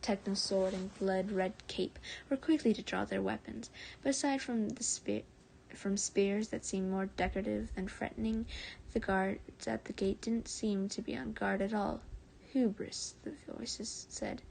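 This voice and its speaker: A woman streamer reading fan fiction aloud on a live stream, often soft and breathy, stumbling and correcting herself and chatting with viewers in between. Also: medium pitch, fairly even intonation, measured pace, slight background noise.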